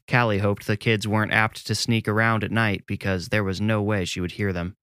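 Low-voiced man narrating horror. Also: flat delivery, fairly quick, a bit bright, smooth, no echo, studio quality. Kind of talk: scripted horror story narration.

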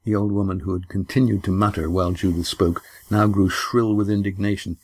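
A man narrating an audiobook in a measured storytelling manner. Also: low-pitched, fairly even intonation, gravelly, breathy edge. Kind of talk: scripted narration.

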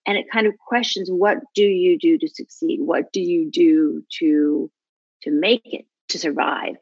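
A middle-aged American woman with a lowish voice chatting about her acting work in an interview. She's animated and laughs easily, often drifting into asides. The sound is close and dry, a little dull. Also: measured pace, slightly rough, no room sound. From United States. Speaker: actor guest. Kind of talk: casual interview chat.

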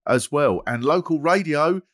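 A man hosting a comedy podcast, telling stories in an animated way and bursting into mimicry. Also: a little high, measured pace. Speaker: podcast host. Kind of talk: comic storytelling chat.

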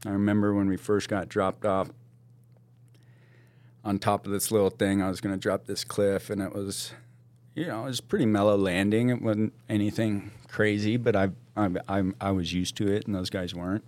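A man telling a story casually as a podcast guest, animated and laughing often, with slangy talk. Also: fairly low pitch, moderate pace.

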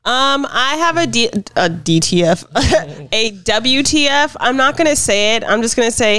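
A woman co-host tells a story in a giggly, rambling way on a casual podcast. Her voice is smooth and clear with a dry, close sound. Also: fairly high pitch, lively intonation, measured pace, hardly any pauses, bright, forceful tone, no echo. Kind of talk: casual chat.

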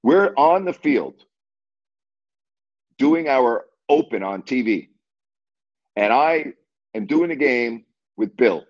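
An older man, a sportscaster hosting, telling stories casually, animated and laughing, repeating himself. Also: mid-range voice, takes it slowly, pauses often. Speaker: sportscaster host. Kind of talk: casual storytelling to a live audience. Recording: dull lo-fi audio.

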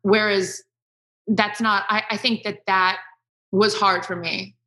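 Bright emotional woman talking openly in an interview, jokes at herself. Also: mid-range voice, flat delivery, slow, poor audio. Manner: emotional, self-deprecating, talks through tears. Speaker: guest, sports broadcaster. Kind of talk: candid interview conversation.

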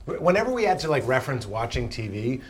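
A man's voice: mid-range voice, very animated. A man as a guest comedian in a casual chat, playful and teasing. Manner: playful, teasing, quick to riff. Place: home kitchen. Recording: clicks over background noise.

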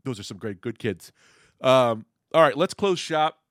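A man hosting a casual podcast chat, telling rambling stories in an animated way on a studio microphone. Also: medium pitch, a little slow, dry recording. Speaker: podcast host.

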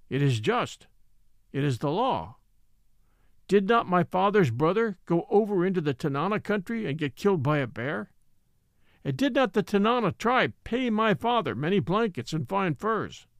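A man voicing a patient old native man who tells his story slowly and solemnly in formal, old-fashioned speech. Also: high-pitched, no echo, clean studio sound, heavily acted.

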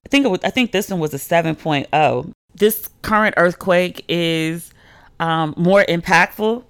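A woman hosting a casual solo podcast, telling stories in a chatty way with lots of "like" and lively quoted voices. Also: unhurried, smooth, no room sound, clean studio sound. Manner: chatty storytelling, heavy use of "like", swings pitch when quoting people. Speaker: podcast host.

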